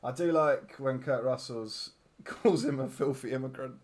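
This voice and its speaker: A man's voice: medium pitch, a little slow, darkish tone. A man hosting a casual podcast about films, joking and laughing often as he chats. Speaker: podcast host. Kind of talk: casual film chat.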